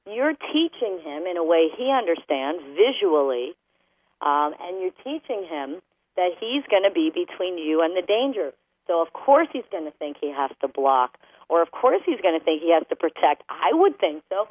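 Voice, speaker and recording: A woman's voice: lowish voice, no room sound. Emphatic woman talk host over a phone line. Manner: emphatic, acts out what dogs and owners would say. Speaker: radio show host, dog trainer. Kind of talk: animated radio talk.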